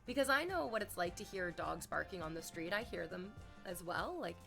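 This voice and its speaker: A young woman chats casually on a live stream, telling a story to her viewers. Her voice is bright and forward, and she slips into playful exaggerated voices when she quotes people. Faint music plays behind her. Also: on the low side, animated, a little fast, creaky. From Canada.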